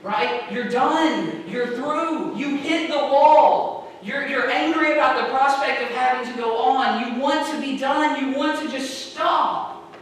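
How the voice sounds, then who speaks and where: A woman pastor delivers a sermon in a chatty style and keeps asking her listeners to agree. Her fairly high voice rings through a big, echoing sanctuary, picked up from well back in the room. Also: moderate pace, a little hiss or hum. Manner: conversational, often asks the congregation "right?". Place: large church sanctuary. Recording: echoey sanctuary heard from a distance.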